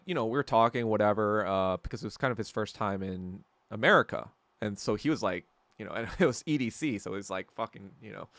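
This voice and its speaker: A man's voice: mid-range voice, bright, forceful tone, no echo. A man hosting a podcast in a casual, profane, heated rant, rambling and correcting himself as he goes. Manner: rambling, with frequent self-corrections. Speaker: podcast host. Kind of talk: casual ranting monologue.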